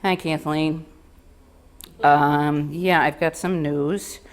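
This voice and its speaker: A woman voicing a clinic nurse who delivers results in a low, flat, hesitant way. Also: very slow, heavily acted. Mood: deadpan.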